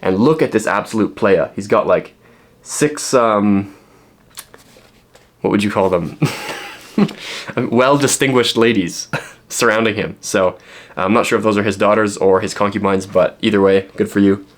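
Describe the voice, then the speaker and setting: Male book vlogger, lower voice, loose unscripted chatter with filler words and dry jokes. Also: unhurried, long pauses. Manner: rambling, filler-heavy, joking asides. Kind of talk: casual book haul chat.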